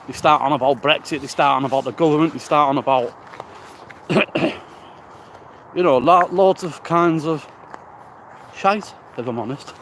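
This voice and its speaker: A man's voice: fairly high pitch, moderate pace, long pauses, fairly bright tone. Breathless man rambling outdoors. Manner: rambling, blunt, swears casually. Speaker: recovery vlogger. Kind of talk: casual walking vlog. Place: outdoors, walking in nature. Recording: outdoor noise, wind and birds.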